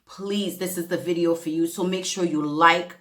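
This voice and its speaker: A woman's voice: lowish voice, fairly even intonation, a bit bright. A woman vlogger speaking earnestly to her viewers and reading a heartfelt letter aloud, fighting back tears, sometimes tripping over words. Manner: earnest, emotional, halting reading with self-corrections. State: close to tears.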